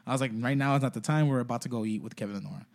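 A man's voice: medium pitch, racing, gravelly, darkish tone. A man in casual podcast chat, rambling with lots of filler words and swearing.

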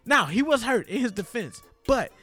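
A man with a high voice co-hosts a casual sports chat. He is loud and profane and acts out skits in other voices as he talks. Faint music sits behind him. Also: big pitch swings, normal speed, slightly rough, no room sound. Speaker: podcast co-host.

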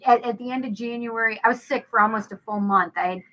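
A middle-aged woman with a high, bright voice tells a story in a casual chat. She is animated and acts out the dialogue as she goes. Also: fast talker, low-quality recording. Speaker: tarot reader and show co-host.

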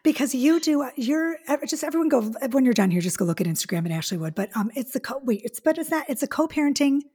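A woman hosting a relationship podcast, effusive and chatty, talking in quick asides and gushing over her guest. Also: high voice, sing-song, warm tone. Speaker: podcast host.

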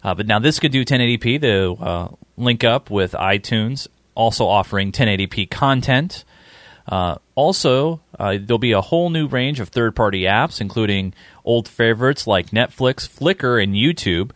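A man hosting a casual tech podcast, animated and opinionated, pressing his co-host for answers. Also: mid-range voice, moderate pace, no echo.

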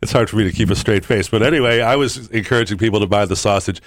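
A man hosting a sports radio show in casual chat, halting with fillers and restarts. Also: fairly low pitch, no room sound, clean studio sound. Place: radio studio. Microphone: studio mic.

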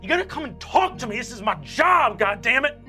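Rough, blunt furry counselor, crude but caring, hushed then shouting, high bright voice, played by a man. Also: lively intonation, fairly quick, faint music behind. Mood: fired up. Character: gruff profane male guidance counselor, furry.

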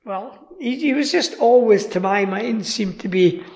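Chatty Scottish man with a gravelly voice. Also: sits high, lively intonation, a little slow, a little mellow, long reverb tail. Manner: chatty, rambling, laughing asides. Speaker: guest. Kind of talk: casual radio chat.

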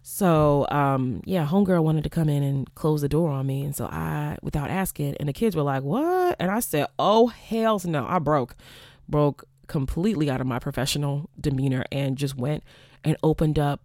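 A young woman, a former college teacher, hosting a candid storytelling monologue, profane and animated, acting out quoted exchanges. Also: sits low, normal speed, no echo, studio quality.

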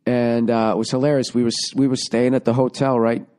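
A man's voice: mid-range voice, flat delivery, brisk, mellow, clear, resonant tone. A middle-aged man hosting his own podcast, rambling and sarcastic as he swears his way through a casual monologue, recorded at home. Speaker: podcast host.

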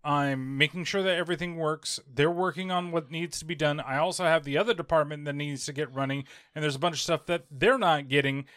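A man's voice: on the high side, steady tone, fairly quick, hardly any pauses, fairly bright tone, clean tone. A man in casual chat, venting in an exasperated way about work and family, swearing freely and acting out what other people said.

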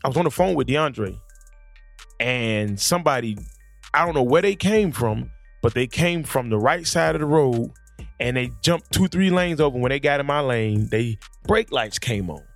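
A man's voice: mid-range voice, lively intonation, normal speed, vocal fry, dry recording, faint music behind. A man hosting a podcast, animatedly telling stories in casual chat at a studio microphone, often repeating words as he starts sentences. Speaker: podcast host. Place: studio, sitting across from a guest.

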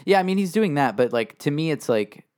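A man's voice: fairly high pitch, very animated, a little fast, darkish tone. A man co-hosting a podcast, talking casually and rambling with many fillers and restarts. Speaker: podcast co-host.

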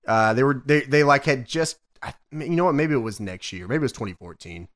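A man's voice: medium pitch, lively intonation, fairly quick. A young man co-hosting a podcast, rambling with lots of fillers and restarts. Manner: rambling, filler-heavy, swearing. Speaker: podcast co-host. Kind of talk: casual chat.

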